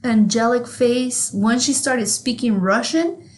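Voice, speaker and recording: A woman's voice: fairly high pitch, takes it slowly. Mexican-born woman, profane rambling storyteller. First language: Spanish. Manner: rambling, profane storyteller who laughs often. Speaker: podcast co-host. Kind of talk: casual chat.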